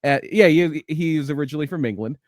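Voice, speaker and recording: A man's voice: a little high, fast talker, no echo, clean studio sound. A man co-hosting a casual wrestling podcast over a video call, talking with enthusiasm and stumbling over his restarts. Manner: animated, enthusiastic, stammers on restarts. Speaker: podcast co-host. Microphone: video call from a computer.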